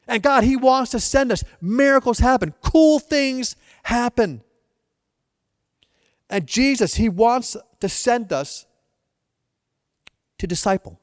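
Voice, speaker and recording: A man's voice: high voice, no echo, clean studio sound, big-room sound. A male pastor giving a sermon, telling stories with repeated restarts and playful asides.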